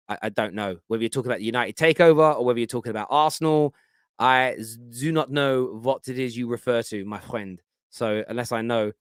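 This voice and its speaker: A man's voice: lowish voice, clear, resonant tone, dry recording, clean studio sound. An English man with a London Cockney accent, hosting a football fan show and chatting casually through viewer comments. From England. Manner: chatty, jokey, stumbles over words. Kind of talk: casual live-stream chat reading comments.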